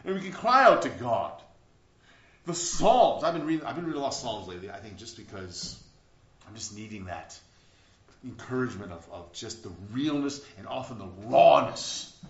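A man preaching a sermon as a pastor, in an earnest manner that swings between loud, emphatic bursts and quiet, reflective stretches. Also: medium pitch, very animated, normal speed. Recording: roomy, dull lo-fi recording.

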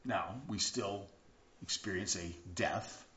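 A man preaching a sermon, earnest, moving between hushed passages and emphatic bursts and repeating words for emphasis. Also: deep voice, slow pace. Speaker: pastor. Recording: echoey room, dull lo-fi sound.

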